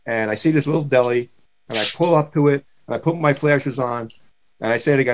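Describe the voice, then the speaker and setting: A man's voice: mid-range voice, fast talker, a bit bright, poor audio. A man, a comedian guest telling rambling anecdotes in casual chat. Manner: rambling anecdotes, repeats himself.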